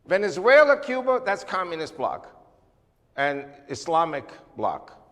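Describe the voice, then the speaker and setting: An older man from the United States giving an emphatic, animated church talk as a guest speaker. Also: sits high, normal speed, big-room sound. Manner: emphatic, animated lecturing with sweeping lists. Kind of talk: church talk on world politics.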